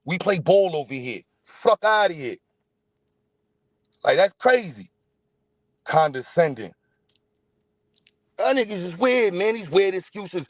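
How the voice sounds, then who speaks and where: A young man hosting a livestream, ranting loudly and profanely and mocking the people he disagrees with. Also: high voice, very animated, takes it slowly, pauses often, no room sound. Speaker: livestream host. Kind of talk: heated livestream rant.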